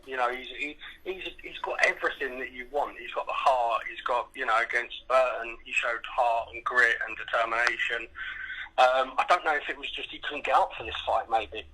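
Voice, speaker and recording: A man's voice: mid-range voice, sharp tone, low-quality recording. A man on a boxing podcast panel, chatting casually with lots of restarts and tag questions. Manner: hesitant, repeats himself, ends on tag questions. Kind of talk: casual chat.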